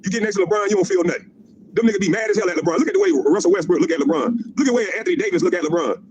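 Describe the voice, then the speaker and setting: A man's voice: high-pitched, very animated, racing, a little mellow, slight background noise, poor audio. A middle-aged man delivering a profane, mocking livestream rant, repeating his jabs and laughing at them. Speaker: former pro basketball player ranting on a stream.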